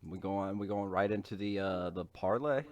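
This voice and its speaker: A man's voice: sits low, moderate pace, muffled recording. A man on a podcast in goofy casual chat, laughing a lot at the jokes. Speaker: podcast co-host.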